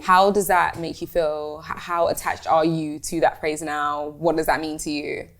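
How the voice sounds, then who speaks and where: Woman host, low-ish voice, probing, keeps the chat moving with murmured agreement. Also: level tone, moderate pace. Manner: probing and conversational, giving frequent murmured backchannels. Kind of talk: interview.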